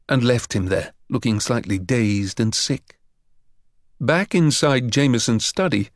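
A man narrating an audiobook in an expressive storytelling way. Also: mid-range voice, no room sound, clean studio sound. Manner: expressive storytelling with voiced characters.

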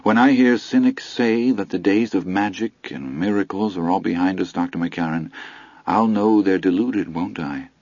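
A man's voice: low voice, moderate pace, a little mellow, no echo, lo-fi sound. A man voicing a proud young woman, recently fired, who speaks in a precise and dignified way. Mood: rueful.

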